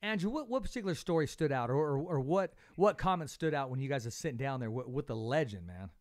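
Animated, lively podcast host man. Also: mid-range voice, fast talker. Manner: animated storyteller, repeats words, laughs often. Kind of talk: casual interview chat.

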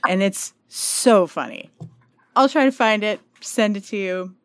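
A woman's voice: mid-range voice, unhurried, no room sound. A woman co-hosting a podcast in casual chat, chatty and laughing often, with many fillers. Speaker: podcast co-host.

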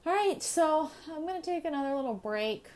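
Chatty fast-talking woman podcaster. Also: sits high, lively intonation, a little mellow. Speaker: podcast host. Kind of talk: casual solo podcast chat.

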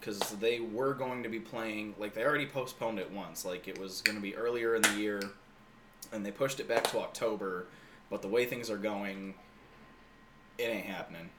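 A man's voice: fairly low pitch, steady tone, normal speed, heavy background noise. A man in casual chat, laid-back and hesitant, with many ums and likes.

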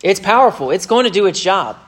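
A man preaching a sermon to his church, emphatic, with quick asides and mocking quoted voices. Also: high voice, big pitch swings. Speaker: pastor.

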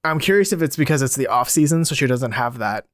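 A man's voice: medium pitch, animated, fast talker, no echo, clean studio sound. A man co-hosting a casual podcast recap, laid-back, swearing casually and reading from his notes. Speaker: podcast co-host. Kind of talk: casual chat recapping a reality show.

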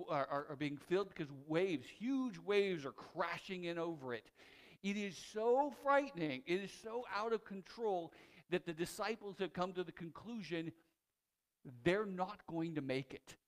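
A male pastor delivers a sermon in a slightly raised pitch. He retells a story with animated energy, often restarting phrases, and moves between loud emphasis and hushed passages.

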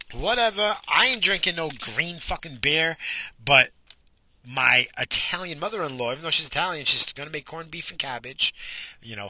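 A man ranting sarcastically in a parked car, swearing and animated. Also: fairly high pitch, slight background noise. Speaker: vlogger. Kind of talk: profane ranting monologue. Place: pulled over in a car.

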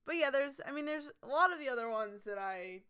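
A woman's voice: high-pitched, animated, brisk, a bit bright. A woman co-hosting a casual podcast, sleepy and yawning, agreeing a lot and hesitating with many fillers. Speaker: podcast co-host.

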